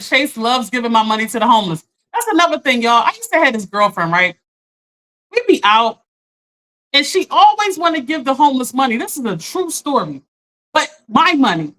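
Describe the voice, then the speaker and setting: A woman life coach in casual live-stream chat, animated, laughing often and talking straight to her viewers. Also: high voice, normal speed, low-quality recording.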